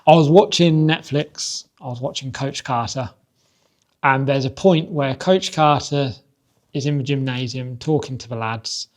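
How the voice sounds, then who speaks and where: A man's voice: mid-range voice, measured pace, darkish tone. A man who coaches boxing, telling stories from his gym in a chatty, self-deprecating way. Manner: chatty, self-deprecating, laughs often, many fillers. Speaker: boxing coach and podcast host. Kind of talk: casual reflective monologue.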